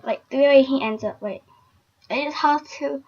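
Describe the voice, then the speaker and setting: A woman's voice: sits high, normal speed, a little mellow, a little hiss or hum. A young woman vlogging casually, chatty and emotional, with lots of filler words. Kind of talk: casual fan vlog. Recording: dull lo-fi recording.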